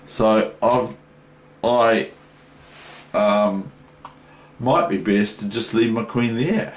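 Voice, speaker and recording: A man's voice: fairly low pitch, fairly even intonation, very slow, pauses often. A man teaching chess, talking through a game in a chatty, rambling way with many asides. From New Zealand. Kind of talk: casual chess lesson analysing a game. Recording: echoey room with faint noise.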